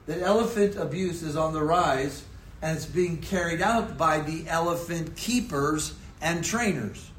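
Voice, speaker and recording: A man preaching a sermon in a conversational, storytelling manner, sometimes putting on quick mock voices for effect. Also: a little high, lively intonation, a bit bright, a little hiss or hum. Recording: echoey room with faint ambience.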